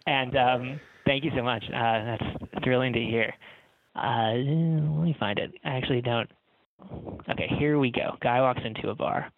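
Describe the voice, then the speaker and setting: A man, an author, chatting haltingly with many fillers, then reading his own story aloud in a casual storytelling way. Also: mid-range voice, steady tone, a little hiss or hum. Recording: tinny phone-like line.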